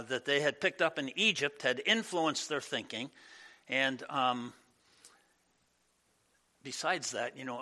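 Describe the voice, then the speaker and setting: Animated, conversational male pastor preaching. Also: a little high. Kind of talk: sermon. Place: church.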